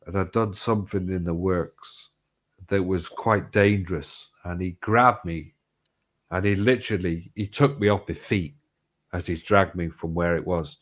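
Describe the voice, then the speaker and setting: A man's voice: low voice, steady tone, measured pace. A middle-aged man, telling rambling stories in casual chat, swearing freely and restarting his sentences.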